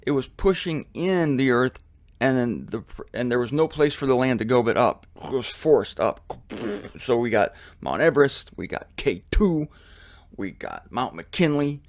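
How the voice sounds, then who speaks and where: Animated American man teaching the Bible. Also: medium pitch, measured pace, dry recording. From United States. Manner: casual and animated, with asides and chuckles. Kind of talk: conversational Bible study teaching. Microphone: studio mic with headphones.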